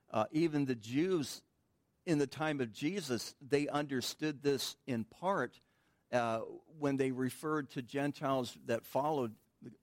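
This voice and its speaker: A man leads a midweek Bible study in a relaxed, talky way, often posing a question to the listeners and answering it himself. His voice sits at an ordinary middle pitch. The recording is dry and close, with little room sound. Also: no room sound. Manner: informal and chatty, asks the room questions and answers them, frequent restarts. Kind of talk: conversational Bible teaching.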